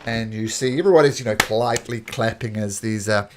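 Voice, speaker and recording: A man narrating as game master of a tabletop game, in a relaxed, rambling way with fillers. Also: on the low side, fast talker, background noise.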